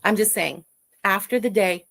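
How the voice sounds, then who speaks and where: A woman's voice: mid-range voice, normal speed, vocal fry, a bit bright. Hesitant woman in a played clip. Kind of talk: casual explanation in a played clip.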